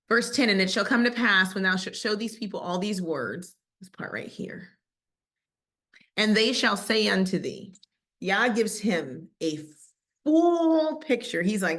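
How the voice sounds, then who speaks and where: A woman teaching scripture in a casual, lively way, acting out quoted voices and laughing often. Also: medium pitch. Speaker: Bible teacher.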